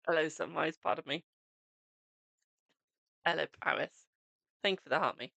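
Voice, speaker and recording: A man's voice: on the high side, moderate pace, creaky, sharp tone, no echo. Chatty man reading tarot live. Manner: chatty, greets viewers, calls them "my darling". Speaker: tarot reader and live streamer. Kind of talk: live-stream chat and card reading. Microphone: desk microphone.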